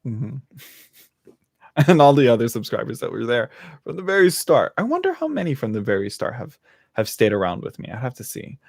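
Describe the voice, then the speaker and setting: A man's voice: medium pitch, huge pitch swings, fairly quick, creaky, dry recording, clean studio sound. A man hosting a live tarot reading stream, talking casually, laughing often and restarting his sentences. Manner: chatty, laughs often, many fillers and restarts.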